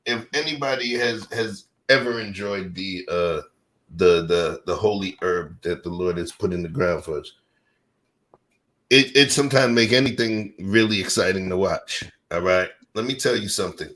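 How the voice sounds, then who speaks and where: A man hosting a casual chat and telling stories in a loose, animated way. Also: low voice, normal speed. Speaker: host.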